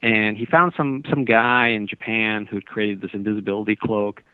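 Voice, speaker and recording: A man's voice: on the low side, steady tone, normal speed, clear, resonant tone, no echo. A male author as a radio interview guest, telling a long story in a meandering, earnest way with many restarts. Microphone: phone. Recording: tinny dry phone line.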